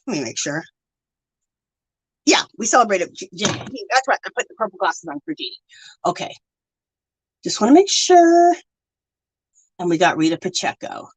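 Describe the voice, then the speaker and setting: Bubbly, animated woman live-streaming. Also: mid-range voice, no room sound, rough recording. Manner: bubbly, effusive thanks, counts aloud. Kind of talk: casual live-stream chat.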